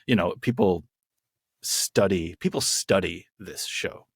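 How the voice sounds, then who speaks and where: Husky low-voiced man, chatty. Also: slow, dry recording, clean studio sound. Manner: enthusiastic, rambling with restarts. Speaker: podcast co-host. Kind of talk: casual chat.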